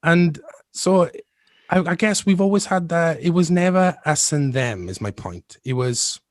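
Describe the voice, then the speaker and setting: Speaking at a measured pace in a dry recording, this man's voice is on the high side and expressive. He's a musician in his thirties, a guest in a casual storytelling interview, rambling, restarting often and laughing through his stories.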